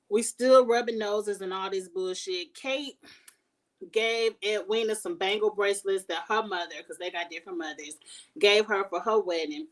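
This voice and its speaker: A woman giving a casual, animated TV recap, blunt and profane as she talks through the plot. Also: mid-range voice, moderate pace, far from the mic. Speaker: TV show reviewer.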